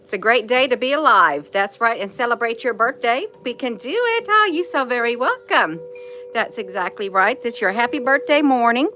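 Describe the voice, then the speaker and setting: Folksy woman, livestream host, crisp bright voice, warmly coaxing chat. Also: fairly high pitch, animated, normal speed. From Indiana, USA. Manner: folksy, encouraging, addresses viewers as honey. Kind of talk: casual morning livestream chat.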